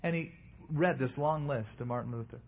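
A man's voice: mid-range voice, fairly quick, slightly rough. A man preaching a sermon as pastor, earnest and emphatic, his emphasis swinging up and down.

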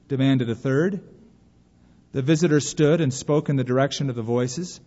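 A man's voice: mid-range voice, normal speed, darkish tone. A man preaching a sermon and reading a story aloud, earnest and emphatic, pleading at times. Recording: dull recording with long hall reverb.

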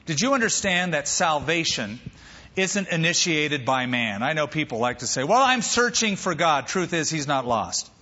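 A man preaching a sermon as pastor, lively and animated, acting out quoted voices. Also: a little high, normal speed, big-room sound, muffled recording.

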